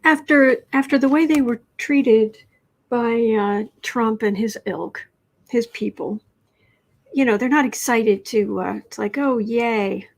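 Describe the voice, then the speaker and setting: A woman's voice: fairly high pitch, a little slow, creaky. A woman hosting a tarot livestream, chatting casually and reading out viewer comments. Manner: soft-spoken, cooing to a pet cat between readings. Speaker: tarot reader and livestream host.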